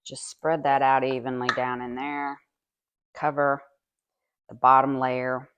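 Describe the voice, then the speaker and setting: Lady with a real low voice doing a homey baking vlog, chatty, tastes as she talks, in her kitchen. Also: little pitch movement, a little slow, clean tone, dull audio. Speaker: home cooking vlogger. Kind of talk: casual cooking demonstration. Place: home kitchen.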